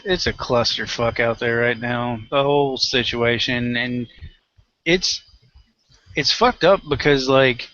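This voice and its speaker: A man's voice: medium pitch, sharp tone, dry recording, muffled recording. A man co-hosting a talk show, ranting bluntly about politics with heavy swearing and acted-out dialogues. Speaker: podcast co-host. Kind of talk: profane political rant.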